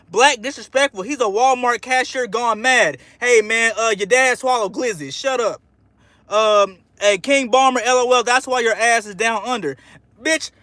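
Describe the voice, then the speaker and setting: High-voiced, fired-up man on a livestream. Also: bright, forceful tone, no room sound. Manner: fired-up, trash-talking, rambling; peppers speech with "man". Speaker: sports fan livestream host. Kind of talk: casual live-stream reaction while reading chat.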